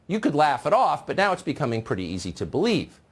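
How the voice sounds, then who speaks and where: Sarcastic husky-voiced male news host. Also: a little high, huge pitch swings, fast. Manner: sarcastic, mocking. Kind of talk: opinion monologue.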